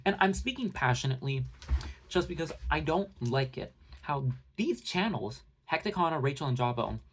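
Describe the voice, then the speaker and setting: Give me a young man with a higher voice doing a heated, profane rant. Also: expressive, fairly bright tone, breathy edge. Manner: fast bursts of talk with many fillers. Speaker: commentary channel host. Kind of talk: heated casual rant to viewers.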